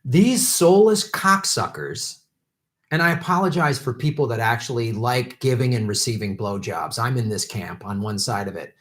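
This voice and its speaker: A man's voice: medium pitch, a little fast, few pauses. A man hosting a political livestream, ranting angrily and profanely at politicians in an unscripted commentary. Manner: profane, shouting, bitter ranting.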